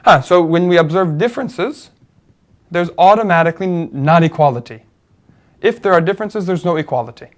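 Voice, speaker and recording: Man explaining ideas in a higher voice. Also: animated, a little fast. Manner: thoughtful, explaining step by step with many fillers and restarts. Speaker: co-host. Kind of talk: conversational discussion.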